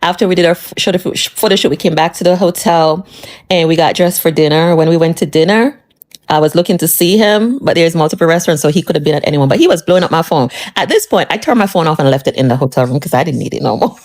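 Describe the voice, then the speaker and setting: A woman's voice: low voice, fast talker, darkish tone. A woman from the United States casually telling a personal story in a chatty, sassy way, repeating phrases for emphasis.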